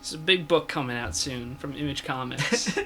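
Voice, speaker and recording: Bright-voiced young man hosting a podcast. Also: mid-range voice, a little hiss or hum. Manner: jokey, steers the talk, quick asides. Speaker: podcast host. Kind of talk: casual comics podcast chat.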